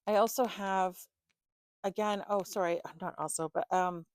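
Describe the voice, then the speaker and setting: Woman, tarot reader, casual and rambling, slightly low voice, dry close sound. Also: fairly even intonation, normal speed, dry recording. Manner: chatty, loose, with fillers and swearing. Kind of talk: casual tarot reading to camera.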